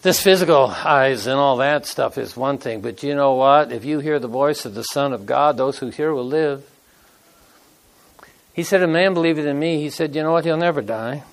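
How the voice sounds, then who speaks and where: A pastor in his sixties delivers a relaxed, folksy sermon in a mid-range voice at a normal speed. He talks conversationally in everyday language, telling stories and acting out the quotes.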